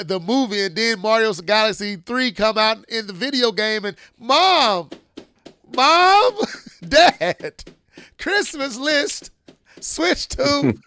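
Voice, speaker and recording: A high-pitched man riffs on video games on a podcast, excitable and playful, his speech loose and slangy. His voice sits high for a man and is recorded dry and close, with no room sound around it. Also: creaky, clear, resonant tone, dry recording. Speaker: podcast co-host. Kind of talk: casual gaming chat.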